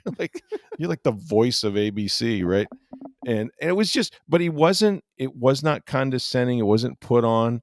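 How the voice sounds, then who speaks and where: A man's voice: medium pitch, lively intonation, normal speed, no echo, clean studio sound. A middle-aged man hosting a sports podcast, telling a rambling story in casual chat with lots of fillers.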